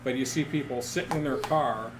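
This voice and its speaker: Male co-host, dry exasperated remarks, mid-pitched, noisy room. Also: fairly quick. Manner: wry, exasperated commentary. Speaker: podcast co-host. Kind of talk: casual chat.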